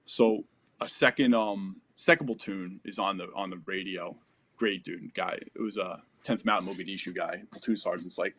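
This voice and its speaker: American man recounting combat, animated. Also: fairly low pitch, normal speed. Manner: animated storytelling with sound effects. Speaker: podcast guest. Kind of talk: casual war story.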